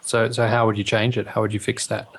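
A man hosting a casual interview, asking questions in a steady, even way. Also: on the low side, fast, slightly rough. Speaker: podcast host.

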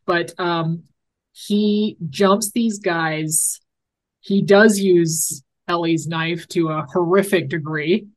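Woman, podcast co-host, casual recap chat, blunt, swears a lot, slightly low voice. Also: steady tone, slow pace, poor audio. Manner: blunt, profane, retells scenes with acted quotes.

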